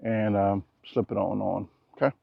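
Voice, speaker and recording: Low-voiced man joking on an outdoor vlog. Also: fairly even intonation, normal speed, creaky, husky, no echo, muffled recording. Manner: joking, rambling, self-deprecating asides; keeping his naturally loud voice down. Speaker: vlogger. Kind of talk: casual vlog talk to camera. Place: outdoors at a backyard building site. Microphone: action camera.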